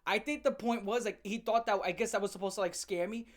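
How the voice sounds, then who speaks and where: A woman telling a comic story as a channel host, in a sarcastic, profane and animated rant. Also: medium pitch, fast talker.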